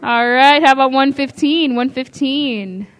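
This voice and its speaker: A woman calling bids at a live charity auction, repeating amounts and coaxing the room for higher offers. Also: measured pace, smooth.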